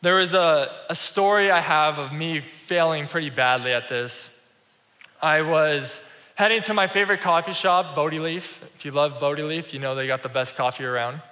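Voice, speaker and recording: A man's voice: fairly high pitch, normal speed, sharp tone. A man giving a sermon, telling a personal story in a conversational way and acting out the dialogue. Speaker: pastor. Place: church sanctuary. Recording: reverberant church hall.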